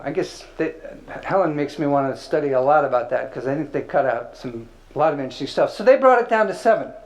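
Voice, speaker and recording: A man with a high voice gives a relaxed spiritual teaching talk. His delivery is conversational and playful, dotted with filler words, like someone chatting with a small class. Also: rough recording.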